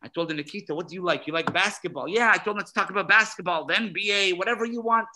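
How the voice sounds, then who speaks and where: A man's voice: high voice, quick pace, background noise. A man, a rabbi, telling a story at a gathering, acting out the dialogue with emphasis. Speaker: emissary rabbi. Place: synagogue gathering hall.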